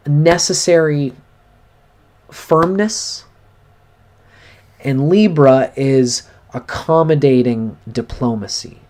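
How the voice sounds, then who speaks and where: Earnest man giving an astrology reading. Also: mid-range voice. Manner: earnest, coaching, animated, demonstrates with a prop. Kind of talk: live-stream cold reading, speaking to a viewer.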